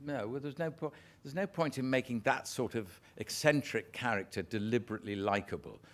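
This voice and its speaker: A man's voice: mid-range voice, fairly quick. An older man, an actor telling self-deprecating anecdotes as an interview guest. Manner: animated storyteller, self-deprecating.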